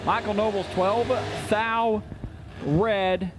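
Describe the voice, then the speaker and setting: Man, race announcer, high-pitched, quick jokey calls, outdoor track, faint background noise. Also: fairly even intonation. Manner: rapid-fire jokey announcing. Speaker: drag racing announcer. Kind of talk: live race commentary over PA. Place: outdoor racetrack.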